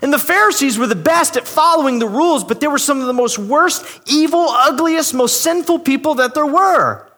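A man's voice: very high-pitched, normal speed, few pauses, sharp tone. A man preaching a sermon in a conversational, emphatic way, acting out the voices he quotes. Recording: long hall reverb.

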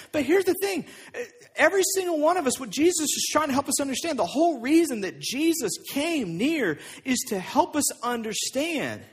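A man preaching a sermon as pastor, telling the story with lively acted-out voices. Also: extremely high pitch. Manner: animated storytelling, acting out voices of people in the story.

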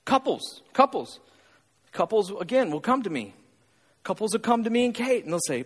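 A man's voice: high-pitched, big pitch swings, normal speed, breathy edge, in a large hall. A male pastor preaching a sermon, pressing his point with repeated lines and rhetorical questions.

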